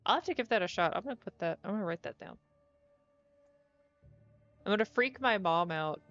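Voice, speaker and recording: A young woman streaming as she plays, chatting casually and getting easily excited as she muses aloud. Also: mid-range voice, a little fast, no room sound. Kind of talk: casual stream chat while playing. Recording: dull lo-fi audio with faint music.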